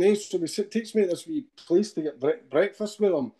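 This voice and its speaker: A Scottish man, middle-aged, tells his story as a podcast guest in a mellow, dark voice that sits a little high for a man. He rambles from one point to the next and keeps tagging his lines with a questioning "eh?". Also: brisk, breathy edge. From Scotland. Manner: rambling retelling with frequent tag questions.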